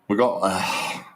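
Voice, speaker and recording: A man giving casual, rambling live stream commentary, restarting sentences and talking straight to his viewers. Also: a bit bright.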